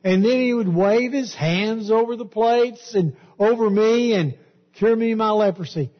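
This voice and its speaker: A man's voice: high-pitched, normal speed, pitched above the performer's own voice, natural voice. A man voicing a proud, indignant military commander who complains that he has been slighted. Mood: offended. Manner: complaining, offended. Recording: dull, echoey hall.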